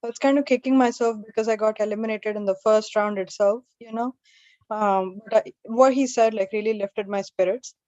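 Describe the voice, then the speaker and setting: A woman's voice: mid-range voice, steady tone, fairly quick, mellow, dry recording, muffled recording. A woman hosting an open mic and doing stand-up, telling stories in a chatty, self-deprecating way. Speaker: open mic emcee and comedian.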